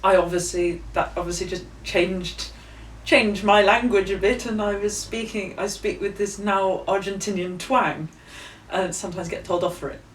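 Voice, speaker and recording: Woman, young author guest, lively storyteller, distant mic, faint room hum. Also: medium pitch, normal speed, few pauses, roomy sound. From England. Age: young adult. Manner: chatty, laughs often, acts out quoted voices. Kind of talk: casual interview storytelling.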